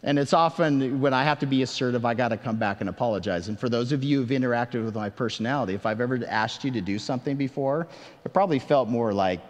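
A man's voice: mid-range voice, fast talker. A man preaching a sermon as pastor, earnest and conversational, with self-deprecating asides and emphatic questions to the congregation. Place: church sanctuary. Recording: long reverb of a large hall.

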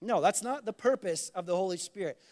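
A man's voice: high voice, brisk, darkish tone. A man preaching a conversational sermon, acting out little quoted exchanges and asking the congregation to respond. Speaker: pastor.

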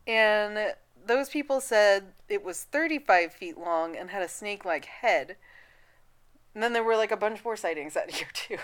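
A woman co-hosting a casual podcast chat, giggly and laughing often, audibly high. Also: a bit bright, clean tone. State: high on cannabis. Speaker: podcast co-host.

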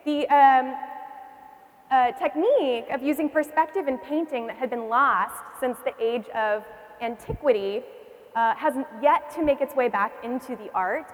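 High-voiced woman teaching a class. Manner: engaging, asks the class questions and repeats their answers. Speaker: church history teacher. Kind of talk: classroom lecture. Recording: long reverb in a hall.

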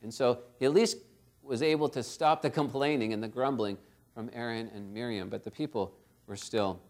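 Earnest male preacher with a high voice, delivering a sermon and calling listeners to humility. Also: a bit bright. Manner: earnest, exhorting, direct questions to listeners.

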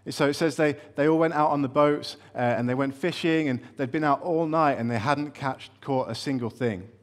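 A man's voice: mid-range voice, moderate pace. Man preaching a casual, wry sermon. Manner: conversational, wry storytelling with fillers and restarts.

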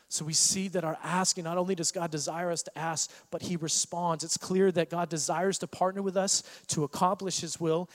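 A man preaching a sermon as pastor, animated and acting out the voices of Bible figures. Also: on the high side, in a large hall.

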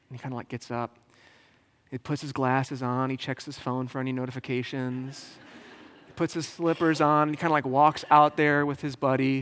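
Joking pastor in a reverberant church. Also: male voice, medium pitch, fairly bright tone. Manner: casual, joking, conversational preaching. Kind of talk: sermon. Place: church sanctuary. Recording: long hall reverb.

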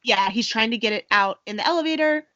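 A young woman co-hosting a podcast, chattily recapping a movie with quick acted-out quotes. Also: on the high side, expressive, pushed and bright, no echo, lo-fi sound. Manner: chatty, quick quoted voices, laughs often. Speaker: podcast co-host. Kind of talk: casual chat recapping a movie.

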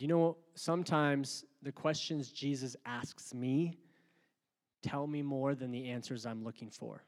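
A man preaching a sermon, moving between calm, quiet talk and loud, rising passages. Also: mid-range voice, measured pace, big-room sound. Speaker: pastor.

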